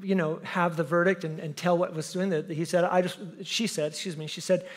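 Animated pastor with a high voice. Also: male voice, a little fast, in a large hall. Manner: animated storyteller, acts out voices in anecdotes. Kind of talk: sermon with personal story. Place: church sanctuary.

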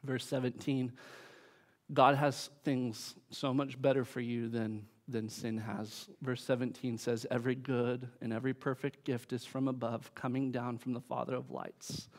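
A man in the middle of a sermon, preaching with emphatic force. His voice sits at an ordinary middle pitch, and his force swells and drops back as he preaches. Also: flat delivery, measured pace, darkish tone. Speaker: pastor.

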